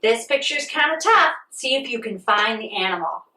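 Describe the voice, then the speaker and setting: A woman leading a playful children's yoga lesson, animated and sing-song as she talks to a child. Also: on the high side, normal speed, roomy sound, distant mic, background noise. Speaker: kids' yoga teacher. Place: outdoors on a farm.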